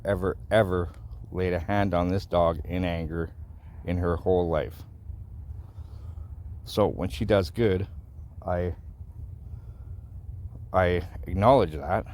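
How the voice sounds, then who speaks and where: A dog owner explains dog training in a casual instructional vlog, speaking in a low, darkish voice. His manner is folksy; he repeats himself and often checks in with "right?".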